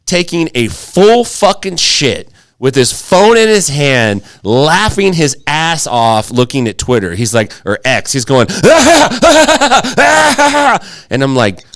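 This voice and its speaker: A man's voice: medium pitch, sing-song, a little slow, hardly any pauses, clean tone, dry recording. A man co-hosting a podcast, telling a story in casual chat, swearing freely and acting out the quotes. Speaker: podcast co-host.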